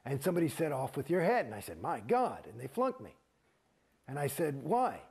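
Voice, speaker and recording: A middle-aged man, an actor, telling his own story in an interview, profane and animated, acting out the exchanges he describes. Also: fairly high pitch, fairly quick, gravelly, breathy edge. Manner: profane, animated, gets heated and acts out quoted exchanges.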